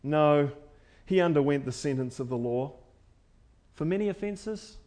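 A man, a preacher, delivering a sermon, rising to forceful declarations and dropping to hushed lines, repeating phrases for emphasis. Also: a little high, lively intonation, unhurried.

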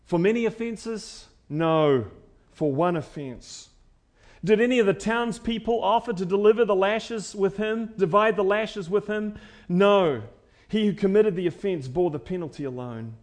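A man, a preacher, delivering a sermon, rising to forceful declarations and dropping to hushed lines, repeating phrases for emphasis. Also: high voice, a little slow.

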